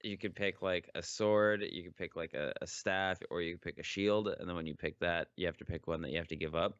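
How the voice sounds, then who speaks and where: Very deep, tired man, smooth and dull. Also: brisk, a bit bright, no room sound. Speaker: podcast co-host. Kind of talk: casual chat.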